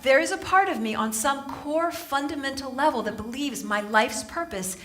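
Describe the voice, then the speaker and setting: A woman from Southern California giving a humorous inspirational talk on stage to a live audience, telling animated stories and laughing often. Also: high-pitched, normal speed. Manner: animated storytelling, laughing often, playful asides. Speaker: motivational speaker and author.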